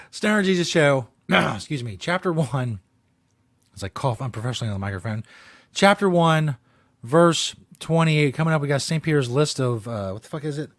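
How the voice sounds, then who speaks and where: A man hosts a comedy show, ranting with profane, deadpan mock outrage about a video. His voice sits a little high and swings widely in pitch. The recording is dry and close. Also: normal speed, no room sound. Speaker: host.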